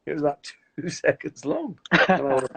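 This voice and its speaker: A man's voice: a little high, normal speed, creaky, slightly rough. A man chatting casually on a live video call, telling set stories and acting out what others said. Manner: animated anecdotes acting out other people's lines. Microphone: phone on a video call.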